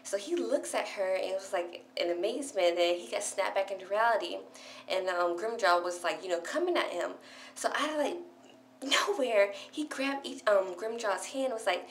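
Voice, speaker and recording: A young woman excitedly recapping a favorite show in a casual vlog, gushing and peppering her talk with "like". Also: mid-range voice, normal speed. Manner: gushing, breathless fan chatter full of "like". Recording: echoey room with faint hum.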